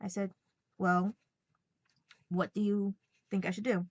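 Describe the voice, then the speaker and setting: A woman talks straight to the camera in a casual vlog. She tells a personal story with feeling and rambles a bit, acting out both sides of a conversation. Her voice sits at an ordinary pitch, and the recording sounds dull, dry and lo-fi. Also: little pitch movement, unhurried, no echo. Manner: emotional, rambling retelling full of quoted dialogue. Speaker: vlogger.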